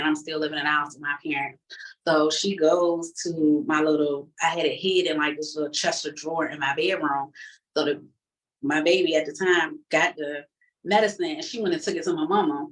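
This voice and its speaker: Giving her church testimony, a low-voiced woman speaks candidly and emotionally, using lots of casual fillers. She's seated well back from the microphone, so she sounds distant.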